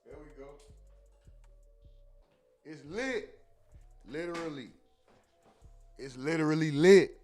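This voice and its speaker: A man's voice: a little high, slow pace, pauses often, a little mellow. A man hosting a casual livestream, chatting in slang and reading viewers' comments aloud over background music. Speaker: livestream host.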